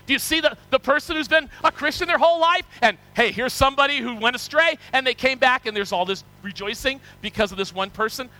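A male preacher with a notably high voice delivers a sermon, retelling parables with animated energy. His tone is bright and ringing, and he often restarts or repeats words as he talks. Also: fast talker, few pauses, rough recording. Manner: animated storytelling, acting out parable characters. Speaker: pastor.

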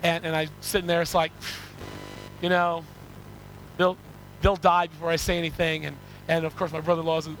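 Bright-voiced male pastor. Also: on the high side, brisk, pauses often, slight background noise, poor audio. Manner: storytelling with rising excitement and repeated starts. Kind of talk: sermon.

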